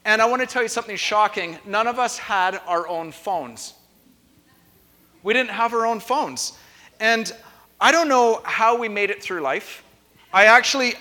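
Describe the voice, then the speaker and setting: Young man, pastor, high voice, playful chatty sermon, long church reverb. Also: sharp tone. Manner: playful, chatty, teasing the congregation. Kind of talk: conversational sermon. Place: church sanctuary.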